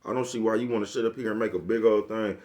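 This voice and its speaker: Speaking in a lowish, darkish voice with a steady tone, this man races through a casual, comedic rant he's vlogging to camera. He laughs a lot, uses slangy, profane street talk, and keeps repeating "you know what I'm talking about."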